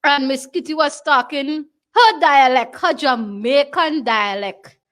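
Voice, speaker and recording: High-voiced Tobagonian woman hosting. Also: takes it slowly, fairly bright tone. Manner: chatty, addresses the audience in dialect. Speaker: talk show host. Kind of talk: lively studio show hosting.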